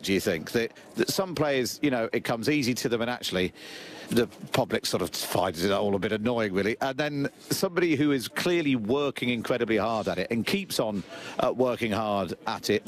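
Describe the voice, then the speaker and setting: A man's voice: mid-range voice, animated, normal speed. A man interviewing on radio, asking long, thoughtful, probing questions.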